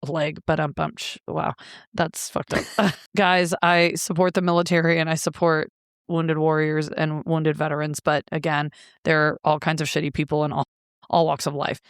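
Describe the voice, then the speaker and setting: A woman's voice: deep voice, level tone, normal speed, clear, resonant tone, no echo. A woman guest telling a painful personal story bluntly and emotionally, with frequent swearing, on a close studio mic.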